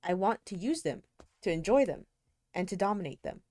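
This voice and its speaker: A woman reading the part of a detached, callous young man in a slow, languid way. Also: medium pitch, expressive, warm tone, no echo, clean studio sound. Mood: cold. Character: cool, callous young man, aloof and bored. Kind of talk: amateur read-aloud of a novel.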